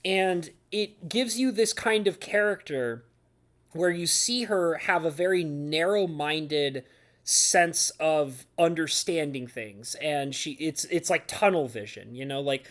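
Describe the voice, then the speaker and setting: A man's voice: a little high, a little slow, fairly bright tone. Male anime reviewer, casual and rambling, gushing with filler words. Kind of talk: casual talk to camera.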